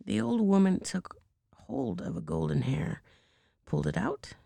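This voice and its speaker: A hoarse woman reading a bedtime story aloud in a slow, measured way, dropping into hushed asides. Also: lowish voice, animated, no echo.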